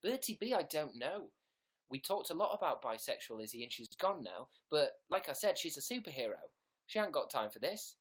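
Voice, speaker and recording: A man's voice: fairly high pitch, big pitch swings, a little fast, slightly rough. A young British man chatting sarcastically on a livestream from his bedroom, playing a mock diva. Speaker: livestream host. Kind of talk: casual livestream chat.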